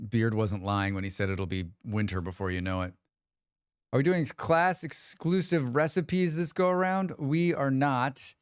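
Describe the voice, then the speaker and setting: A man's voice: medium pitch, unhurried, clear, resonant tone, dry recording, studio quality. A man hosting a livestream, chatting casually with viewers and telling stories, acting out what others said and swearing freely. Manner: animated storyteller who acts out quotes and swears freely. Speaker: livestream host.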